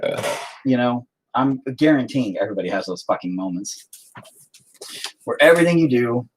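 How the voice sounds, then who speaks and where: Speaking at a moderate pace, a middle-aged man who plays music addresses his stream chat in an animated, slightly rough mid-range voice. The casual livestream monologue is confessional, frank, rambling and very profane.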